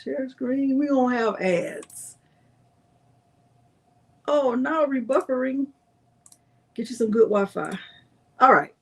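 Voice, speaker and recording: A woman's voice: high voice, expressive, slow pace, pauses often, breathy edge. A woman hosting a casual live-stream crafting tutorial, chatting with viewers and reading product labels aloud.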